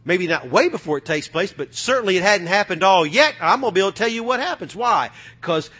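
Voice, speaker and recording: A middle-aged man from the United States preaching a sermon, fervent, going from loud bursts to hushed asides. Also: high-pitched, lively intonation, quick pace, slightly rough.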